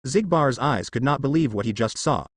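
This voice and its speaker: A man reading fan fiction aloud as narrator in a steady storytelling way. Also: mid-range voice, normal speed, slight background noise.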